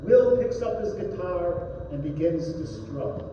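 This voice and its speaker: Slow man reading poems in an echoey gallery. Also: on the high side, lively intonation, distant mic, lo-fi sound, a little hiss or hum. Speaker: poet. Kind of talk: poetry reading with voiced characters. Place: art gallery. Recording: echoey gallery heard from afar.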